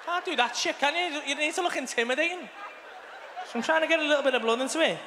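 A man's voice: very high-pitched, fast talker, background noise. A man doing a sweary stand-up routine on a comedy club stage, bantering with the crowd. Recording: live club room with reverb and faint ambience.

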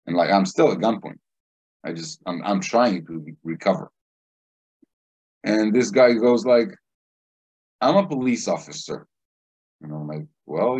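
A man, a cannabis instructor telling an anecdote in an animated way, acting out the quotes. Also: lowish voice, husky, rough recording. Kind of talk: casual anecdote storytelling.

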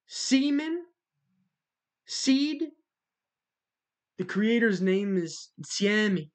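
A speaker giving a religious monologue in a measured way, spelling out words letter by letter and repeating them for emphasis. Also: mid-range voice. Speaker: religious video narrator.

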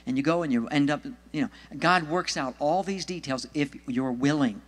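A man's voice: a little high, moderate pace, few pauses, fairly bright tone, in a large hall. A man, a Christian author and speaker, telling testimony stories and urging listeners on in an earnest, exhorting sermon style.

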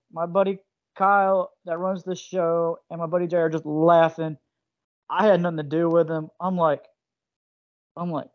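A man co-hosting a casual podcast interview, with a high voice and an animated, slangy way of telling stories. The sound is dull and lo-fi. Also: moderate pace, no room sound. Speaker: podcast co-host.

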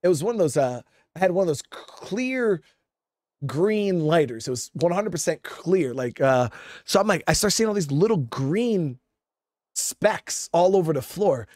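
A man with a slightly high voice tells a war story in a loose, rambling style, cursing freely and calling out to his listeners as guys. The sound is dry and close. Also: lively intonation, a little slow, darkish tone, dry recording. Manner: profane, rambling, keeps addressing listeners as guys. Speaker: Marine veteran storyteller. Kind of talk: casual spoken storytelling.

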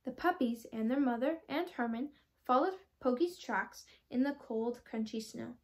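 A teenage girl reading a children's storybook aloud, with clear, expressive storytelling. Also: a little high, normal speed. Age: teens. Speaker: storybook reader.

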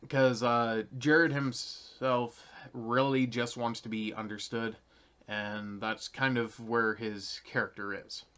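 A man's voice: medium pitch, flat delivery, takes it slowly, fairly bright tone. A young Canadian man casually explaining something to his viewers, rambling with lots of ums and uhs. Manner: rambling, many ums and uhs, light chuckles. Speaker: channel creator. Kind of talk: casual talking-to-camera explanation. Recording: slightly dull lo-fi recording.

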